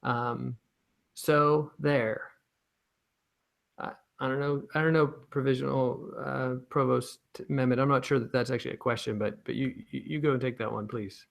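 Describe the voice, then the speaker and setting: Twangy male co-host, gravelly, rambling and playful. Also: mid-range voice, fairly even intonation, moderate pace. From Pittsburgh, USA. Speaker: co-host reading questions.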